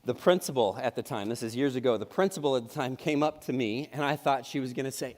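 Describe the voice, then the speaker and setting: A man's voice: medium pitch, expressive, fast talker, few pauses. A middle-aged male pastor preaching a sermon in a church sanctuary, in a conversational and humorous way with frequent restarts. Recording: long reverb in a church hall.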